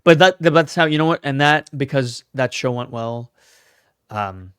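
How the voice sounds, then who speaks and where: A young man from Canada, an actor telling animated stories in a casual interview. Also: mid-range voice, a little slow, clear, resonant tone, no room sound, studio quality. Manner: animated, acts out quoted lines. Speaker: actor, podcast guest.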